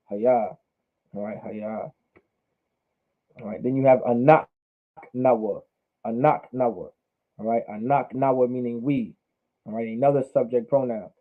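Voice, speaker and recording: A man teaching a language class online, drilling words by repeating them slowly. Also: medium pitch. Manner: repetitive, drills pronunciation slowly. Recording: phone-like narrow sound.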